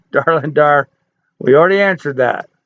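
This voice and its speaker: A man's voice: on the high side, normal speed, no echo, highs cut off. Folksy man in his sixties, livestream chat. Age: 60s. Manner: folksy, joking, chatty. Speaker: livestream host. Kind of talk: casual live chat reading viewer comments.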